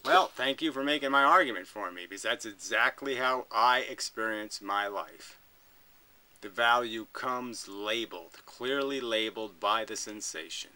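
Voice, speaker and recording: A man talks back at a recorded clip in a blunt, argumentative way, swearing freely and hammering his points home. His voice is very bright and edged, sharp at the top. It sounds like a home recording. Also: fairly low pitch, normal speed, low-quality recording. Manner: profane, emphatic and argumentative. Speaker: video commentator. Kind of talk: reaction commentary.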